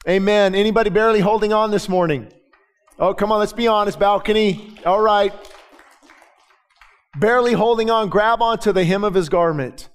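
High-voiced pastor preaching with fervor. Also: male voice, fairly quick, clean tone. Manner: swings from quiet storytelling to shouted, rising preaching. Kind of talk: sermon. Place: church sanctuary with balcony.

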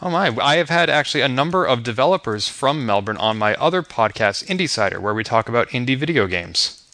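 A man's voice: medium pitch, expressive, brisk, bright, forceful tone. A man hosting an interview podcast, talkative and friendly, asking follow-up questions. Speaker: podcast host.

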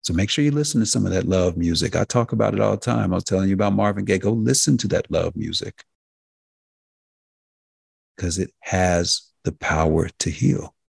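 A man with a very low, husky, fry-laden voice hosts a health talk radio show. He speaks in an emphatic, preacher-like cadence, repeating phrases for effect. His voice is recorded dry and close. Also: moderate pace, no echo. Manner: addresses listeners directly as folks and healers.

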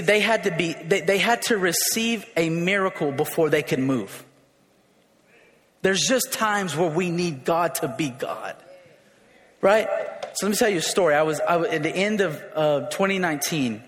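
A man preaching a sermon, emphatic and repetitive, rising to shouts at his peaks. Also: high-pitched, in a large hall. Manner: emphatic, repeats words, rises to shouts.

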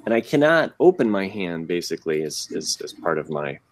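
A man co-hosting a podcast, telling a personal story in a rambling, halting way with many restarts. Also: sits low, sing-song. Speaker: podcast co-host. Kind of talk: casual chat.

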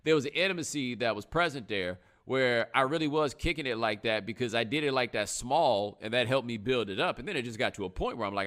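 A man's voice: mid-range voice, fairly quick, hardly any pauses. A man hosting a live stream, talking casually in slang and acting out other people's words. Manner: animated, slangy, acts out other people in quotes. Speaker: host.

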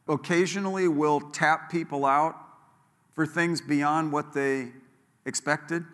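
A man in the pulpit preaches with emphatic, rising delivery, pushing the congregation to repeat after him. His voice is bright and somewhat high, ringing through a large church sanctuary with long reverb. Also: steady tone, slow pace. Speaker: pastor. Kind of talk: sermon.

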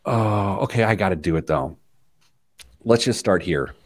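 Animated low-voiced podcast host. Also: male voice, moderate pace. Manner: animated storyteller, laughs often, jumps between tangents. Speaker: personal finance podcast host. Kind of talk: casual chat.

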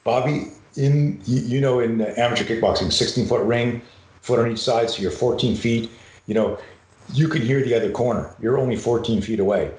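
A man's voice: medium pitch, moderate pace, darkish tone. A middle-aged man, a self-defense coach, telling a story on a podcast and acting out the dialogue, swearing freely. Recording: roomy echo.

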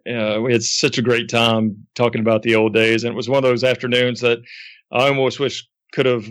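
A man hosting a podcast interview, telling stories with lively acted-out quotes. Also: mid-range voice, fairly quick. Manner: animated storyteller, acts out quotes. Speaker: podcast host. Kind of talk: casual interview chat.

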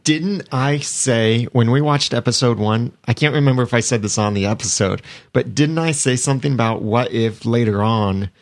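A man's voice: mid-range voice, normal speed, few pauses. A man co-hosting a casual podcast chat, recapping scenes in detail. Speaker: podcast co-host.

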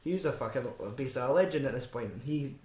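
A man's voice: medium pitch, lively intonation, fast talker, darkish tone, roomy sound. Sweary Scottish man, rambling film chat. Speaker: podcast co-host.

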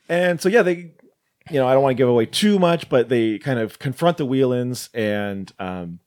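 Lively man chatting about a film. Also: medium pitch, normal speed. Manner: laughing, recounts scenes with quoted lines; animated, swearing. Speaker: podcast co-host. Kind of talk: casual chat reviewing a film.

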